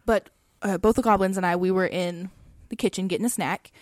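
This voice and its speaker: A woman co-hosting a podcast, telling a personal story in a casual, chatty way, often saying "like" with soft laughs. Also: mid-range voice, fairly even intonation, fairly quick, no room sound, clean studio sound.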